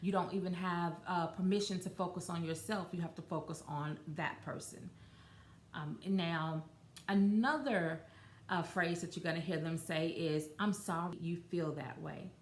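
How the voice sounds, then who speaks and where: A woman's voice: on the low side, moderate pace, a little hiss or hum. A woman hosting a podcast on her own, talking in a loose, conversational way with lots of fillers and restarts. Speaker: podcast host. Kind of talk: casual solo podcast talk. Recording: roomy echo.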